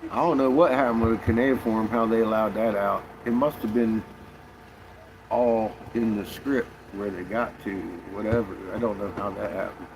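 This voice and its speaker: A man's voice: lowish voice, steady tone, normal speed, noisy background. A man talking casually in a rambling monologue, swearing often and restarting his sentences. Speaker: conspiracy vlogger.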